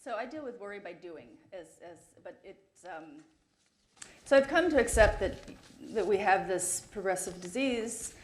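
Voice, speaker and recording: A woman caring for her husband, speaking on a panel in a hesitant, reflective way with frequent pauses. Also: medium pitch, lively intonation, echoey room, a little hiss or hum. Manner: hesitant, reflective, many fillers. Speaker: carepartner panelist. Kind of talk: panel talk.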